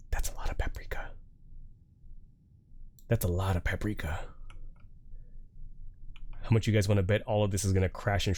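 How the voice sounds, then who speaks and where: A man's voice: on the low side, a little mellow. A man streaming a horror game with casual commentary, joking and swearing, with jumpy reactions to scares.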